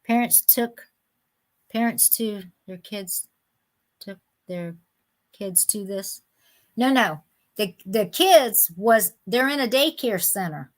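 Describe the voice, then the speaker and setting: A woman's voice: mid-range voice, lively intonation, slow pace, long pauses. A middle-aged woman, chatting with viewers by name while hosting a live sale, indignant and talkative. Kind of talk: casual live-stream chat.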